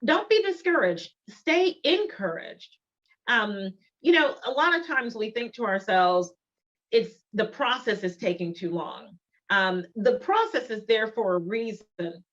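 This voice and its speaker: A woman's voice: mid-range voice, expressive, fairly bright tone. Emphatic woman giving a motivational talk. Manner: emphatic, deliberate, repeats key phrases. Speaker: motivational conference speaker. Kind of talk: motivational presentation. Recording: dull lo-fi recording.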